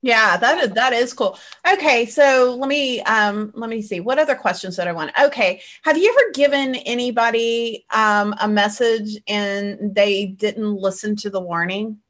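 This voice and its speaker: A woman hosting a casual interview, asking curious questions and reacting quickly. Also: on the high side, fairly bright tone. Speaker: host.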